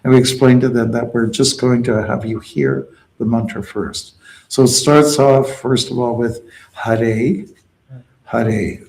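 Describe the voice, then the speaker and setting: A man's voice: mid-range voice, normal speed, darkish tone, rough recording. A man teaching a devotional mantra, explaining it patiently and calling out chant lines for a group to repeat. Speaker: devotional teacher leading kirtan. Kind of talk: call-and-response mantra teaching.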